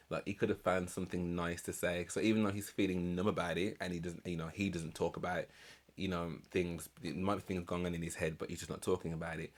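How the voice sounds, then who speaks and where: A man hosting a reaction channel, musing aloud in casual commentary with lots of fillers and restarts. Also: deep voice. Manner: reflective, rambling, many fillers and restarts.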